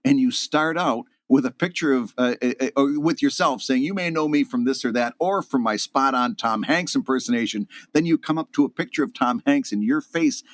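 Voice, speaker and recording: A man's voice: mid-range voice, normal speed, few pauses, no room sound. A man co-hosting a podcast in casual chat, joking and laughing often. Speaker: podcast co-host.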